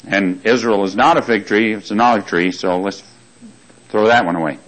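A man with a lowish, fairly bright voice preaches a sermon at normal speed, captured on a rough recording. He reads scripture aloud in King James wording, quizzes his congregation, and repeats lines for emphasis.

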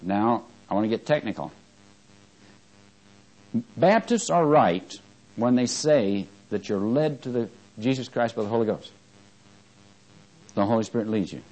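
A man preaching a sermon, asking his congregation questions and moving between fervent emphasis and quiet asides. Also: on the low side, animated, measured pace, pauses often, poor audio.

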